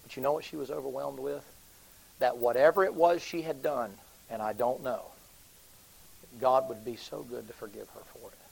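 A man preaching, telling a story in a sermon. He swings from hushed, low passages to loud, high, excited ones. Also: moderate pace, vocal fry, slightly rough, rough recording.

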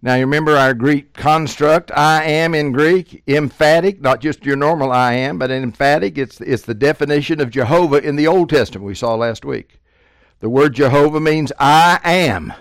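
A man's voice: fairly high pitch, no echo. Emphatic male preacher, dry close sound. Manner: emphatic, rising loud on scripture quotes, quiet asides. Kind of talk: sermon.

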